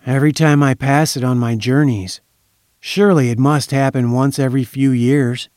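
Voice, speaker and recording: A man reading aloud plays a grave, weary older gentleman who speaks quietly and mutters as he tells a sad story. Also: medium pitch, dry recording, studio quality, natural voice.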